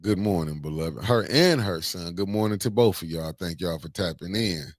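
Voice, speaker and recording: A man hosting a casual morning livestream, greeting viewers by name with slangy, animated banter. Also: low voice, normal speed, dry recording, clean studio sound. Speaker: livestream host.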